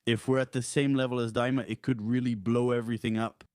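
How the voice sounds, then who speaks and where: A man's voice: mid-range voice, flat delivery, quick pace, darkish tone, smooth, no echo, studio quality. A man co-hosting a podcast in casual chat, blunt and opinionated in how he talks. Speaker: podcast co-host.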